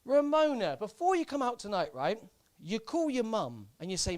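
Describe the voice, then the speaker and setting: Deadpan young comedian. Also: male voice, high voice, moderate pace, no room sound. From Southampton, England. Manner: deadpan, hesitant delivery with many fillers and repeats. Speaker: stand-up comedian. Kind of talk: live stand-up set. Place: comedy club stage.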